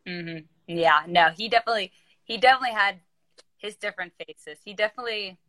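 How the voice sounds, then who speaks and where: A young woman chatting casually over a video call, telling animated stories and jumping up in pitch when she quotes people. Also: fairly quick, dry recording. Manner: animated storyteller, acts out quoted voices with big pitch jumps. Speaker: former player, guest. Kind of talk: casual chat.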